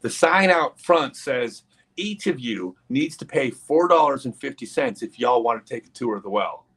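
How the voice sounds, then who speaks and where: A man voicing a deadpan teenage farm girl with a Southern accent, speaking in a flat, insistent drawl. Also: medium pitch, moderate pace, gravelly.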